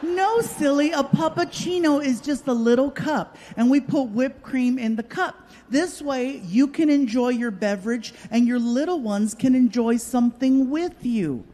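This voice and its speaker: A man's voice: very high-pitched, a little slow, few pauses, warm tone, pitched above the performer's own voice. A man voicing a perky, overfriendly young woman barista in a bubbly singsong voice, as a stand-up comedian. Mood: sweet.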